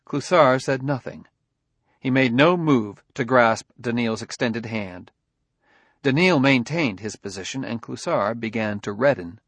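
Male narrator, mid-pitched, measured storytelling, very dry close recording. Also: a bit bright, no echo. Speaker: audiobook narrator. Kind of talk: scripted narration.

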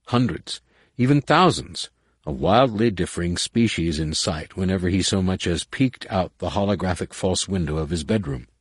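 Deep, husky male audiobook narrator. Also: dry recording, studio quality. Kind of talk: scripted narration.

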